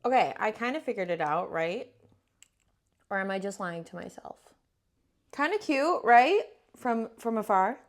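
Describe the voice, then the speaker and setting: A woman's voice: mid-range voice, moderate pace. Young woman vlogger, casual makeup chat, playful slang and fillers, self-deprecating. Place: home.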